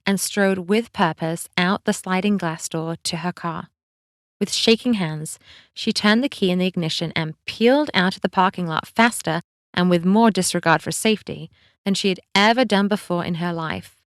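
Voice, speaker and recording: Calm woman audiobook narrator. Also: on the low side, no room sound, clean studio sound. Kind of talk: scripted narration.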